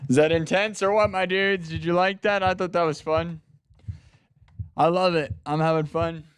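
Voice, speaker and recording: A man with a high-sitting, steady, clear and resonant voice hosts a music livestream with no room sound. An improv musician, he chats laid-back and calls viewers dudes and bro, his throat a little strained from screaming.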